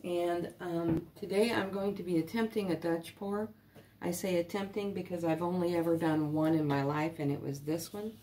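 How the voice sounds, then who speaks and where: A woman's voice: lowish voice, steady tone, normal speed, dark tone, slight background noise. A woman hosting her own art channel, casually talking through each step of a painting technique in a chatty, lightly self-deprecating way.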